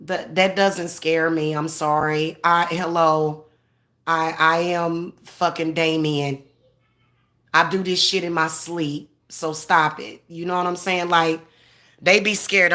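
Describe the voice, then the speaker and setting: A lowish, steady voice, a little slow, bright and forceful, belongs to a woman in her forties. Looking straight into the camera, she delivers a ranting monologue full of profanity, confrontation, boasting and defiance.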